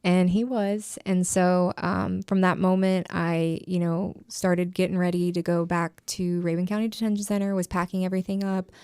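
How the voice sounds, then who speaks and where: A woman's voice: fairly low pitch, flat delivery, moderate pace, few pauses, dark tone, smooth, no room sound, studio quality. A young woman sharing her personal recovery story as a podcast guest, emotional and full of "like" fillers. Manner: emotional, frequent "like" fillers, trailing phrases.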